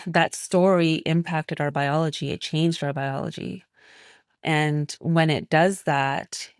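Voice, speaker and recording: A woman's voice: low voice, a little mellow, dry recording, studio quality. A woman naturopathic physician speaking as a guest in an interview, explaining in a reflective, flowing way. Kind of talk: interview conversation.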